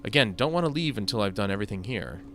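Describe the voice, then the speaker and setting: A man's voice: lowish voice, expressive, fast talker, pushed and bright, soft background music. A man giving casual, rambling gameplay commentary, thinking aloud and poking fun at himself. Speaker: gaming video host.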